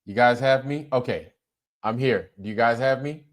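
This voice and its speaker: A man hosting a casual livestream, talking in an animated way, swearing freely and leaning on filler phrases. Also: mid-range voice, normal speed. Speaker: livestream host.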